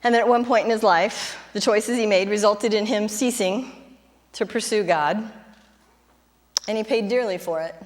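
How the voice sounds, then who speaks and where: A woman's voice: mid-range voice, moderate pace, pauses often, big-room sound. A middle-aged woman pastor preaching a sermon, chatty at times, then building to fervent emphasis. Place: church sanctuary.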